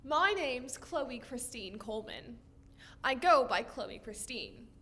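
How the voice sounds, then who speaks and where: A woman's voice: on the high side, takes it slowly, exaggerated voice. A woman playing a gloomy, morbid teenage girl who sighs and speaks moodily. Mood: chattering. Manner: sighing, moody, breathless when excited.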